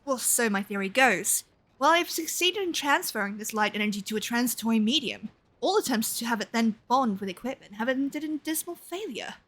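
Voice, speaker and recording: A woman voicing an excitable, tactless young male scholar who speaks in formal, old-fashioned phrases. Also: a little high, a little fast. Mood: eager.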